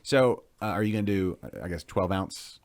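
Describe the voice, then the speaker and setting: A man's voice: low voice, no room sound. A man, hosting a casual live interview with enthusiastic, rambling chatter. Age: 40s. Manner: enthusiastic, rambling, quick to laugh. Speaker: podcast host.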